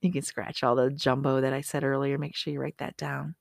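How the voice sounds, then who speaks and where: A woman's voice: extremely low pitch, level tone, fairly quick, creaky, no echo, studio quality. A woman hosting a motivational podcast, chatty and upbeat, often correcting herself and making asides to herself. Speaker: podcast host.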